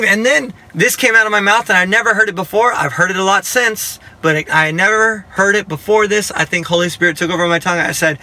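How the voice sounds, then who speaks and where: Bright, high-voiced man telling his story. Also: normal speed. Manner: lively storytelling, acting out dialogue; humorous, self-mocking asides. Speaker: Christian giving a personal testimony. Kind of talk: storytelling testimony to a listener.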